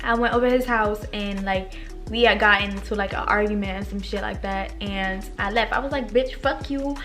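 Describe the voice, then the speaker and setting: A young woman telling stories in a casual, animated way, swearing a lot and acting out what people said. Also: mid-range voice, fairly quick, soft background music. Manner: animated, profane, acts out quoted lines. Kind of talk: casual storytime monologue.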